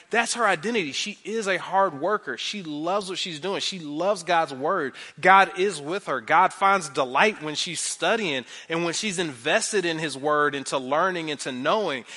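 A man in his thirties preaching a conversational sermon, animated, repeating phrases for emphasis and using many fillers. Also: on the high side. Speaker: pastor.

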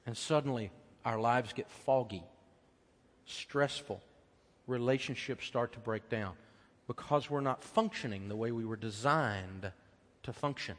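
A middle-aged American man preaching a sermon as pastor, telling personal stories in a conversational way that swings from loud emphasis to hushed tenderness. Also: medium pitch, measured pace. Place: church auditorium. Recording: long hall reverb.

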